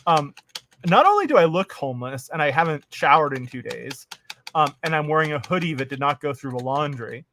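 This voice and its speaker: Animated man telling a long story. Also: brisk, slight background noise. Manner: animated, mimics others in higher voices. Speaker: podcast co-host. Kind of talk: casual storytelling chat.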